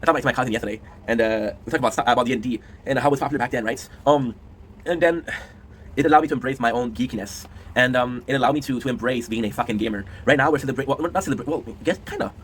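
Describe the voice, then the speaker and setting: A man's voice: medium pitch, very fast, fairly bright tone, a little hiss or hum. A young man hosting his gaming channel, talking casually to camera in a rambling way, repeating phrases and swearing now and then. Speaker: gaming YouTuber host.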